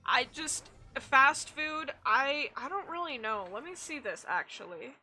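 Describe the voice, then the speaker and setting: A woman's voice: high voice, expressive, unhurried, bright, forceful tone, faint music behind. A young woman streaming a game, chatting casually in a blunt, rambling way with frequent swearing. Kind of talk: casual chat while gaming.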